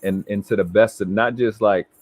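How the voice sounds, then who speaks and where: A man with a somewhat low voice holds forth in a casual live stream. He talks brashly and emphatically, stacking up profanity as he brags. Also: steady tone, moderate pace, slightly rough, dry recording. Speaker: co-host.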